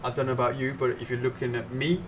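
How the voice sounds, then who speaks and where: Man, livestream co-host, casual chatty delivery, laughs easily, average pitch. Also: flat delivery, fast, background noise. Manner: reads viewer comments aloud, chatty, laughs often. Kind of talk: casual live-stream chat.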